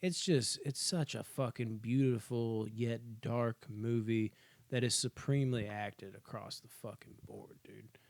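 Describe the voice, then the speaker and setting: Animated, foul-mouthed man ranking movies. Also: medium pitch, a little slow, gravelly, no room sound. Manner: animated, swears freely, acts out scenes in put-on voices. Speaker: podcast co-host. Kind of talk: casual movie ranking chat.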